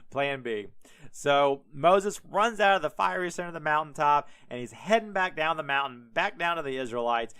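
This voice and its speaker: Bright-voiced, irreverent male podcast host. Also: a little high, smooth. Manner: animated, irreverent, profane, many fillers. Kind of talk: casual comedic Bible retelling.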